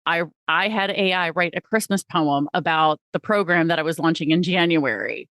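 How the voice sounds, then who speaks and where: A woman's voice: on the low side, moderate pace, fairly bright tone, no echo, studio quality. A woman hosting a podcast, chatting casually and laughing often. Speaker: podcast host.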